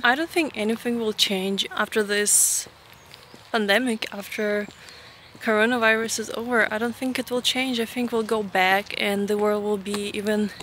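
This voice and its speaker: A woman's voice: mid-range voice, fairly bright tone. A woman vlogging casually while walking in a park, chatty and exasperated as she rants. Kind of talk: casual outdoor vlog. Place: outdoors in a park. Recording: outdoor noise. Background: birds and outdoor ambience.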